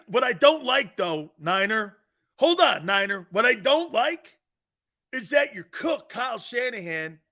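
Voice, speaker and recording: Sports talk host, male, bright voice, lively delivery that swings high and low, teasing and laughing. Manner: animated, teasing, laughs often, mock apologies. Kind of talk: live sports talk show, reading viewer comments.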